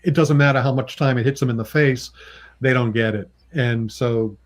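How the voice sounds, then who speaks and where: A man, a comic book writer and artist, chatting as a guest and telling anecdotes, often laughing and acting out what people said to him. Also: moderate pace. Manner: chatty, acts out quoted people with pitch jumps; laughs often between remarks. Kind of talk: casual anecdotal storytelling.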